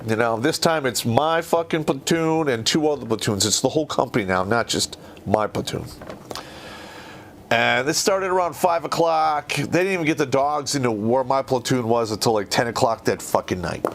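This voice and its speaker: A man tells a long story in a loose, rambling style and swears constantly. His pitch rises and falls a lot as he talks. His voice sits at a middle pitch and he sounds conversational and unscripted. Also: animated, moderate pace, a little hiss or hum. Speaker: podcast host. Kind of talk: casual storytelling.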